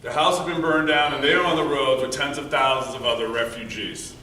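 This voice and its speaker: A man giving a prepared storytelling speech at a speech contest, earnest, moving between loud emphasis and quiet, hushed passages. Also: medium pitch, fairly even intonation, a little fast. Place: meeting room before an audience. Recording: echoey room, mic from far off, faint noise.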